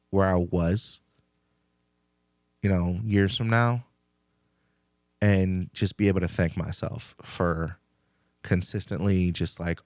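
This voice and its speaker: A man's voice: low voice, a little mellow, no echo, clean studio sound. A man hosting a podcast, talking in a rambling, candid casual monologue and swearing freely. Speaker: podcast host.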